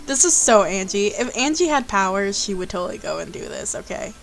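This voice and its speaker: A woman's voice: medium pitch, lively intonation, brisk, faint music behind, poor audio. A woman hosting a let's play, reading a visual novel aloud and breaking off for playful, chatty asides.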